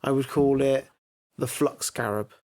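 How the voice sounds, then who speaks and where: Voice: medium pitch, steady tone, a little slow, darkish tone. A podcast co-host in casual chat, blunt, opinionated and given to swearing. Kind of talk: casual chat reviewing an episode.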